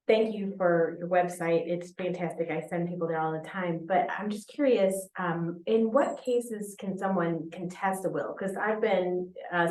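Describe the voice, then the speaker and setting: A woman in the audience politely asking a curious question from the floor. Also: lowish voice. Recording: distant in a roomy hall.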